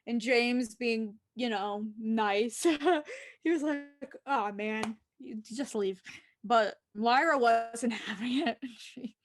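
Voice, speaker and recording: A woman's voice: a little high, takes it slowly. A woman recapping a TV episode in casual chat, giggling and acting out the characters' lines as she goes.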